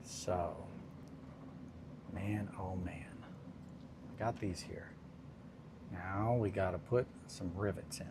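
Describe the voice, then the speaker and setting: A man's voice: deep voice, steady tone, slow, creaky, long pauses, background noise. A man hosting a casual hobby livestream, chatting in a rambling, self-deprecating way and laughing often while he works. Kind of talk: casual chat while crafting.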